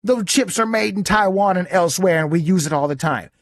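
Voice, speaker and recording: A man's voice: high-pitched, a little fast, dry recording, studio quality. A man who is a soldier hosts a podcast, giving blunt, profane, indignant commentary. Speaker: podcast host reacting to a clip. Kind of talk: casual commentary rant.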